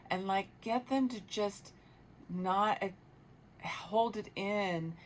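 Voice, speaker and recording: A woman hosting a talk radio show, giving earnest, reflective parenting advice with pauses and restarts, in a radio studio. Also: medium pitch, a little hiss or hum.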